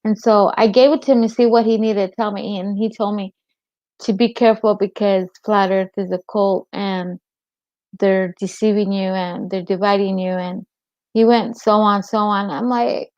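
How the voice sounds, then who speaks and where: A woman's voice: medium pitch, fairly even intonation, moderate pace, a little mellow, no echo. A woman hosting a casual livestream chat, rambling and answering viewers' comments by name. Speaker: livestream host. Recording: dull lo-fi stream audio.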